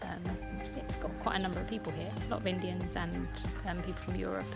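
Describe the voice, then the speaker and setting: A woman's voice: fairly low pitch, little pitch movement, fast talker, creaky, loud music behind the voice. A woman travel vlogger chatting casually outdoors, thinking aloud with frequent ums. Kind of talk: casual travel vlog commentary.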